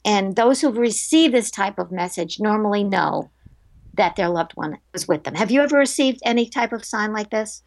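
A middle-aged woman, a medium being interviewed, who tells stories in a lively way and acts out the voices of the people in them. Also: mid-range voice, normal speed, dry recording. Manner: animated storyteller, acts out quoted voices. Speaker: psychic medium guest. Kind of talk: casual interview storytelling.

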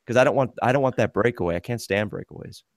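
A man's voice: medium pitch, rapid-fire, dry recording, clean studio sound. A man hosting a casual sports podcast, telling rambling stories about playing goalie in a hockey league and laughing as he goes. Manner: rambling storyteller, laughs through his anecdotes.

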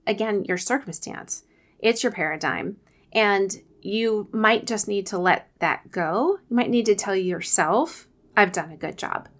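A woman in her forties with a medium-pitched, slightly bright voice hosts a podcast offering earnest, faith-based coaching advice. She often acts out the quotes she shares.

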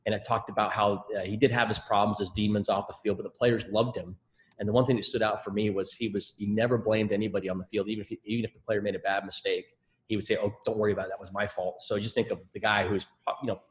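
A man in his sixties from Scotland, a former soccer coach, telling stories in a relaxed, rambling way on a podcast. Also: on the low side. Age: 60s. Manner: relaxed, rambling storytelling with fillers. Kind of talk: casual interview chat. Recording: echoey room.

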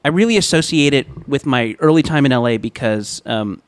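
A man guesting on a comedy podcast, talking casually and haltingly with many fillers and restarts. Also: medium pitch, expressive, no echo. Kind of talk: casual chat.

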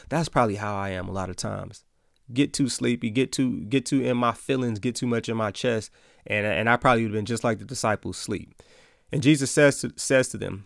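A man's voice: mid-range voice, fairly even intonation, brisk, gravelly, a bit bright, dry recording, studio quality. A man hosting a Christian podcast, giving an earnest, casual devotional talk and reading Bible verses aloud.

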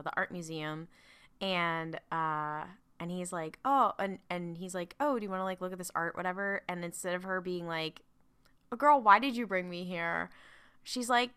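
Woman gushing about a book, bright crisp voice, lots of likes and ums. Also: fairly low pitch. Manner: animated, emotional fan talk with fillers. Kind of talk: casual chat.

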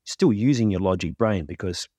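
A man speaking as a podcast guest, his voice very low and steady. He explains his ideas calmly and reflectively at length, in a close, dry recording. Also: normal speed, dry recording. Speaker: podcast guest, grief coach. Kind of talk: interview explanation.

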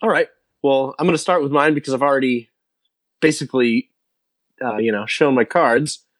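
A man's voice: medium pitch, normal speed, no echo. A man co-hosting a casual sports podcast, quoting stats in an enthusiastic way and laughing easily. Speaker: podcast co-host.

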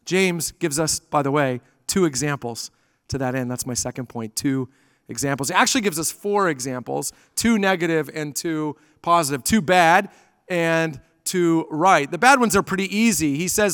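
Speaking at a normal speed, this pastor has a slightly high, fairly bright, clear and resonant voice. He tells stories in a sermon to his church congregation and acts out the quoted dialogue. The dry, studio-quality recording still has a big-room sound, set in a church sanctuary.

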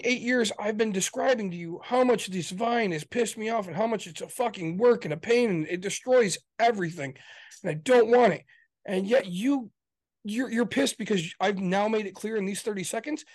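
Man, high voice, Michigan accent, exasperated, swearing, casual podcast chat. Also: brisk, no echo. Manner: exasperated, swears a lot, laughs often. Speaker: podcast co-host.

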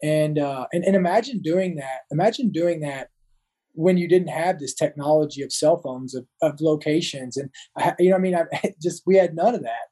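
A man's voice: a little high, normal speed, warm tone, poor audio. A man in his thirties, a Marine veteran, talking as a guest in an interview, often restarting and repeating words. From United States. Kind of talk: casual interview talk.

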